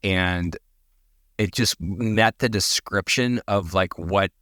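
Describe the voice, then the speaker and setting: A man's voice: low-pitched, slow, a bit bright, dry recording, studio quality. A man co-hosting a podcast, talking in a laid-back, plain-spoken way. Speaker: podcast co-host. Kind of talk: casual conversation.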